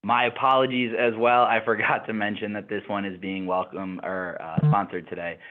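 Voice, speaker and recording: Deep-voiced man hosting over a tinny line. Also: level tone, moderate pace. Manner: loose and chatty, many fillers. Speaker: webinar host. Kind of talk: casual presenting on a call. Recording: tinny phone-like audio.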